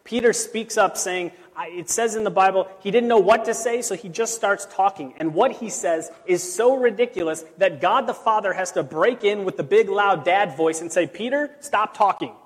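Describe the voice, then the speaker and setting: A man, a pastor, preaching a sermon in a relaxed storytelling way with casual asides. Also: high voice, moderate pace, hardly any pauses, slightly rough. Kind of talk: conversational sermon. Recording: long reverb of a large hall.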